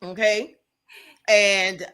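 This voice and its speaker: A woman's voice: mid-range voice, flat delivery, extremely slow, pushed and bright, clean tone. Blunt, laughing woman telling a story. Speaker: podcast co-host. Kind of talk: casual chat.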